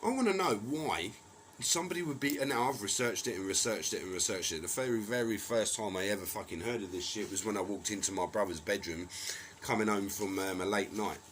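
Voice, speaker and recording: A man's voice: lowish voice, fairly quick, fairly bright tone, a little hiss or hum, low-quality recording. A man in a rambling monologue, ranting angrily and swearing as he accuses people. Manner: angry, profane, accusatory ranting.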